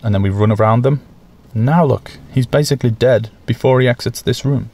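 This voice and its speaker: A man hosting a gaming channel, giving casual, jokey, self-mocking commentary over his play with sudden excited bursts. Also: medium pitch, a little fast.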